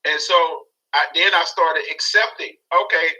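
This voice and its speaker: High, bright-voiced man in his forties. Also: measured pace, poor audio. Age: 40s. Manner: animated storyteller, acts out his own past reactions. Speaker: guest speaker. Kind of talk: casual talk show chat.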